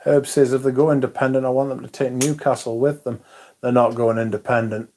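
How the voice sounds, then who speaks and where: A man's voice: medium pitch, normal speed, mellow, slightly rough. A man hosting a livestream, chatting casually, swearing now and then, and reading out viewer comments. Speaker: livestream host.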